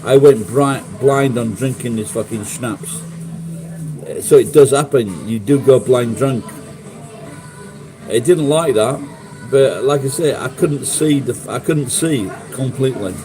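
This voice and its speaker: A man's voice: medium pitch, unhurried, music in the background, rough recording. A middle-aged man with a Sheffield accent, rambling through sweary stories and chatting with viewers on a livestream. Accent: Sheffield English. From England. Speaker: livestream host. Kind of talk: casual live chat.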